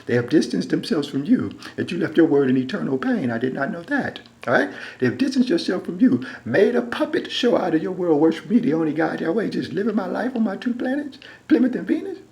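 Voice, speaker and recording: A man delivering a rambling, repetitive monologue into a phone, dropping to a low mutter and then rising into loud, emphatic bursts. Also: very animated, brisk, vocal fry, few pauses, poor audio. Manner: repetitive, keeps saying "all right". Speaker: self-styled preacher.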